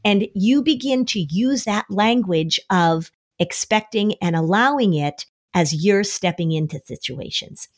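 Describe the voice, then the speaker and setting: A woman explaining an approach to anxiety on a podcast in a conversational way, often acting out worried voices as quotes. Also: lowish voice. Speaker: anxiety expert.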